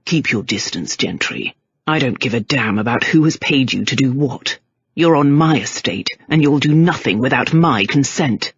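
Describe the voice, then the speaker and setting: A woman voicing a stern, commanding male earl, speaking low and curt. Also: lively intonation, normal speed, husky, no echo, highs cut off, heavily acted.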